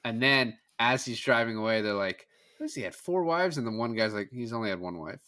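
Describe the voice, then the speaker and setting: A man in casual podcast movie chat, retelling scenes with quick quoted bits and lots of "like". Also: mid-range voice, animated, pushed and bright. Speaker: podcast guest.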